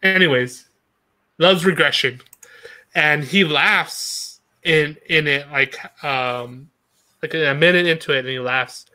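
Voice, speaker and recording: A man's voice: a little high, takes it slowly, sharp tone. A man chatting casually, rambling with frequent laughs and casual swearing. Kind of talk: casual chat.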